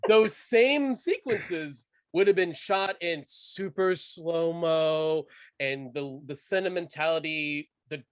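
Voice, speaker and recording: A man co-hosting a casual film podcast, animated and enthusiastic, full of fillers and restarts. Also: a little high, slow, clean tone, dry recording, studio quality. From United States. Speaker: podcast co-host.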